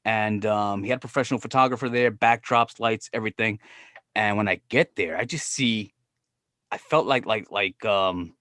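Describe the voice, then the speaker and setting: A man's voice: on the low side, normal speed, no room sound. A man telling wrestling stories in casual, profane podcast chat, often acting out what people said. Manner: profane, animated, quotes himself and others. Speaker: podcast guest. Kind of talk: casual storytelling.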